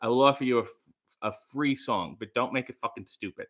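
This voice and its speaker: A man's voice: mid-range voice, brisk, a bit bright. A young man hosting a casual livestream, rambling playfully with sarcastic asides while reading out chat messages. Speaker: livestream host.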